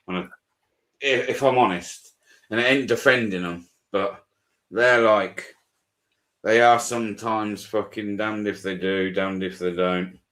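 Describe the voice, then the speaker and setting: A British man telling a story in casual live chat, animated and swearing a lot as he recounts it. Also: fairly low pitch, unhurried. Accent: British English. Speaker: auditor streamer. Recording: roomy echo.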